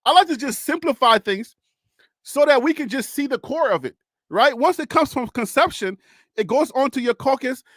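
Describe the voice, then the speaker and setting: A man's voice: very high-pitched, animated, moderate pace, a bit bright, dry recording, studio quality. A man hosting casual political talk, chatty, often laughing and repeating phrases as he thinks aloud. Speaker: political commentary host.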